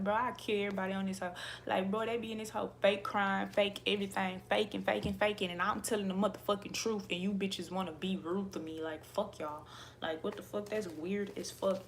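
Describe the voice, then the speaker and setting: Wściekła kobieta przeklinająca do widzów. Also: female voice, medium pitch, slight background noise. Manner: angry, profane, repetitive, laughing. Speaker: tarot reader. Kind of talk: ranting to livestream viewers.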